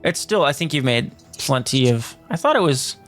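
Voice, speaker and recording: A man narrating as game master in a tabletop game, relaxed and hesitant, with many fillers as he works out the rules. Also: medium pitch, normal speed, faint music behind. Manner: relaxed, hesitant, lots of fillers while ruling.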